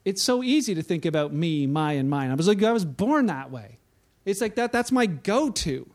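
A male pastor with a notably high voice delivers a sermon. He talks in a loose, conversational manner, often restarting his sentences, and acts out the little stories he tells. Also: very animated, normal speed. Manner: conversational, with acted-out anecdotes and frequent restarts.

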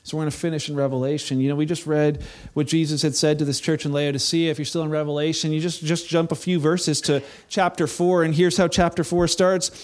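Middle-aged guy preaching, kinda high voice, earnest, gets fired up then goes quiet. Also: level tone, brisk, few pauses. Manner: earnest, building to impassioned peaks then dropping soft. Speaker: pastor. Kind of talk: sermon.

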